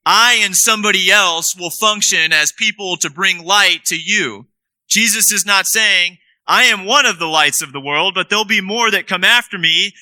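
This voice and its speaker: A man preaching a sermon in a high, forceful, bright voice. He is emphatic and slows right down to drive key words home. The sound is dry and close to the mic. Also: dry recording, low-quality recording.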